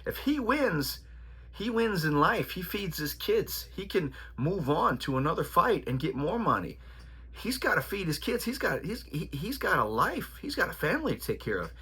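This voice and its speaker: Brief: man voicing a gruff veteran boxing cornerman, barking high and hard, insistent and repetitive. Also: big pitch swings, moderate pace, full character voice. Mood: fierce. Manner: shouting, insistent, repeats himself. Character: gruff veteran male boxing trainer yelling at a young fighter.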